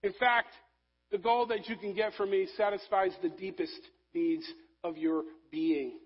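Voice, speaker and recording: A man preaching a sermon, rising to loud emphasis and dropping to soft, low passages. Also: fairly even intonation, a little slow, dull audio. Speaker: pastor.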